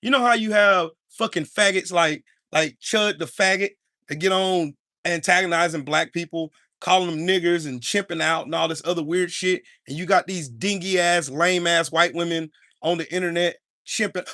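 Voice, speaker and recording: A man's voice: high voice, moderate pace, pushed and bright, dry recording, studio quality. A man hosting a live-streamed podcast, ranting in an angry, profane and confrontational way. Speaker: podcast host.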